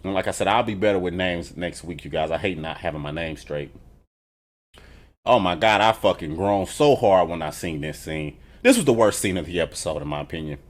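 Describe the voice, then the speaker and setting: Brief: male TV reviewer, profane, animated, casual recap. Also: low-pitched, a little fast. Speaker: TV show reviewer.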